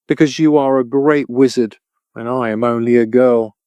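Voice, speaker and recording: A man's voice: medium pitch, steady tone, moderate pace, dark tone, clear, resonant tone, dry recording, lightly acted. A man voicing a meek, earnest young girl who pleads with a trembling voice.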